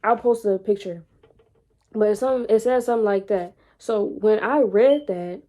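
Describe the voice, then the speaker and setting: A young woman vlogging, telling a personal story casually and animatedly, repeating words and growing loud when excited. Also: mid-range voice, normal speed. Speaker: vlogger and entrepreneur.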